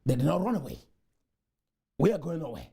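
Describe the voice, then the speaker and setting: A man from Cameroon, giving a motivational conference speech full of repeated chants that burst into shouts. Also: fairly high pitch, wildly swooping pitch, brisk, creaky, breathy edge. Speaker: motivational speaker. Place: conference room.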